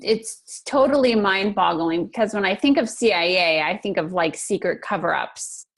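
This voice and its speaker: A woman's voice: mid-range voice, moderate pace. A woman with a mid-range voice hosts an interview. She asks questions with curiosity and affirms her guest's answers, restarting her phrases now and then. Her tone is conversational. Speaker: interview host.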